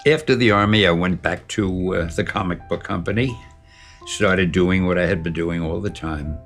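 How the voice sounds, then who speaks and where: Animated older man telling stories. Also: low-pitched. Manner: animated, lively storyteller who acts out dialogue. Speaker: interviewee. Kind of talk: storytelling interview.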